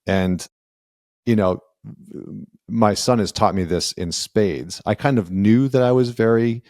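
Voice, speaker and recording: Man, low voice, podcast host, earnest storytelling, dry close mic. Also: measured pace, mellow, no echo. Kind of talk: casual conversational interview.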